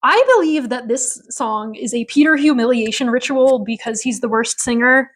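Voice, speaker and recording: A woman's voice: fairly high pitch, moderate pace. A woman co-hosting a podcast, casually recapping a TV episode in an opinionated, rambling way full of fillers. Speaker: podcast co-host.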